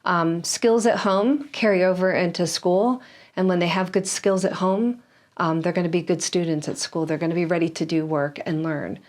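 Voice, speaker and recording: A woman in her fifties, a kindergarten teacher and interview guest, giving calm, measured advice with frequent "um"s. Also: lowish voice. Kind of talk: interview answers.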